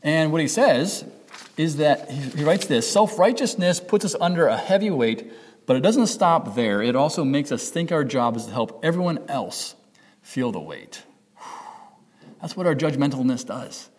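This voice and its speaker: Man, pastor, sermon, conversational, slightly high voice, husky, long hall reverb. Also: lively intonation, measured pace. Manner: conversational, self-correcting, acts out quoted inner voices.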